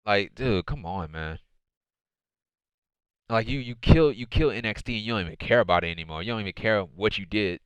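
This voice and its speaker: A man's voice: lowish voice, animated, fairly quick, a bit bright, clean tone, no room sound. A man hosting his own wrestling review show, recapping the episode in a casual, rambling way, repeating phrases and often saying "man" and "dude".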